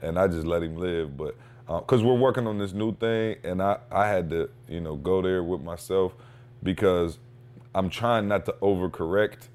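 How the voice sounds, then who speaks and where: A man hosting a podcast, telling a casual, slangy story with lively energy and acting out what people said. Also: sits low, moderate pace. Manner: animated storyteller, slangy, acts out quotes. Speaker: podcast host; father.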